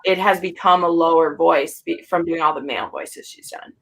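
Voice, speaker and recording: Woman host, bright and animated, gushing casual chatter. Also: low voice, moderate pace. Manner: gushing, animated, filler-heavy. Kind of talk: casual group chat.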